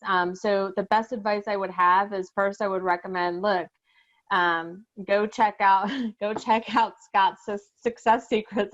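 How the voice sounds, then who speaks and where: A woman guest talks through her story in a halting way, full of fillers and false starts. Her voice sits in the middle of the range for a woman. The audio is dull and lo-fi. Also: medium pitch. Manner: halting, many restarts and fillers, laughs nervously. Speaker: guest sharing her exam success story. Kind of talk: emotional podcast interview.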